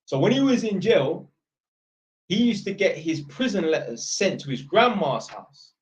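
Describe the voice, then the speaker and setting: A man's voice: high voice, very animated, measured pace. A young man chatting on a live stream, rambling and blunt, swearing freely. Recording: dull lo-fi sound.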